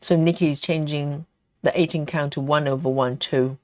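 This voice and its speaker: A woman hosting a craft livestream, reading viewer comments aloud and thinking aloud with lots of ums in a relaxed, casual chat. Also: sits low, normal speed, no room sound, clean studio sound. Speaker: cross-stitch livestream host.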